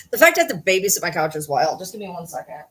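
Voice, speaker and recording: A woman's voice: lowish voice, sing-song, fast, fairly bright tone. A woman chatting casually on a late-night livestream from home, blunt, rambling and swearing freely.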